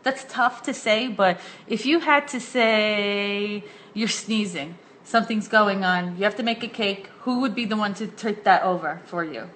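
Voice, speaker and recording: A young woman hosting a casual live-stream chat, gushing and excitable, laughing often. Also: medium pitch, unhurried, slight background noise. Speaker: host.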